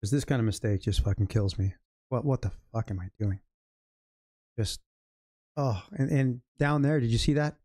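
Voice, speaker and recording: A man's voice: mid-range voice, moderate pace, pauses often, warm tone, dry recording, studio quality. A man trading live and talking to his viewers, muttering to himself, swearing and scolding himself over his mistakes. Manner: frustrated, swearing, self-critical muttering. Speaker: livestream day trader. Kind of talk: casual live commentary while trading.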